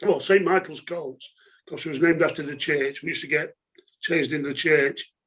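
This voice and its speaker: A man's voice: on the high side, steady tone, moderate pace, fairly bright tone, husky. A middle-aged man, telling stories from his football career in a chatty way, laughing and using lots of fillers. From England. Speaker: former footballer, guest. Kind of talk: casual storytelling interview.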